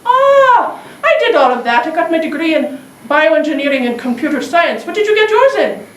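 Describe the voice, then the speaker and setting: A woman doing a friendly young man with an Indian accent, high and bouncing in pitch as he asks question after question. He sounds eager and earnest. The voice comes from far off in an echoey room. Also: sing-song, moderate pace, fairly bright tone, heavily acted. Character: polite young man from India living in Canada.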